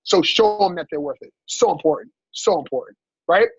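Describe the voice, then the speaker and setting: A man coaching his team in a motivational training talk, energetic and asking "right?" after every point. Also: high voice, brisk, gravelly, breathy edge, no room sound. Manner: energetic, repeats "right?" often, acts out dialogue. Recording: dull lo-fi sound.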